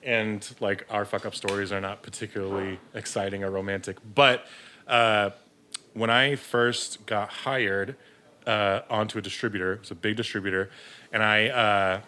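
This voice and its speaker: A man's voice: lowish voice, steady tone, moderate pace, pushed and bright. A man, a podcast guest who works in beer distribution, telling a rambling story in casual chat, swearing freely and laughing at himself.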